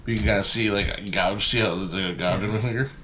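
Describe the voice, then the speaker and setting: A man with a fairly low voice trades jokes and teasing remarks on a casual podcast. His delivery is relaxed and wisecracking. Clear background noise runs through the recording. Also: quick pace. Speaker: podcast co-host. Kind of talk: casual chat. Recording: noisy recording.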